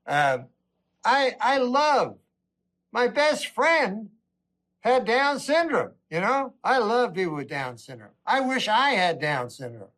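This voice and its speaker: Deadpan man musing in stand-up. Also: sits high. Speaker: stand-up comedian. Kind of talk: stand-up monologue.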